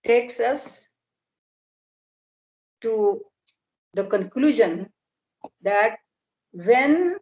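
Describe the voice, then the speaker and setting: Slow, deliberate woman lecturing in an echoey room. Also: a little high, muffled recording. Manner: slow, deliberate explanation with pauses and fillers. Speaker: lecturer on Sanskrit grammar. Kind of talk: academic lecture in an online workshop. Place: video call. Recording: roomy echo.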